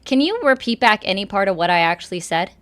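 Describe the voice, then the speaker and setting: A woman's voice: medium pitch, lively intonation, quick pace, a bit bright. A woman political commentator on a live stream, arguing with a caller in an insistent, lecturing way and cutting in often. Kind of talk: heated call-in argument.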